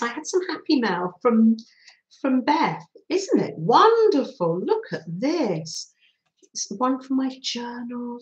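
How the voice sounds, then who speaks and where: A middle-aged woman hosts a relaxed live craft stream, chatting cheerfully to her viewers and laughing often. Her voice sits a little high and swings widely in pitch, and she talks slowly. The room around her sounds echoey. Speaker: craft livestream host.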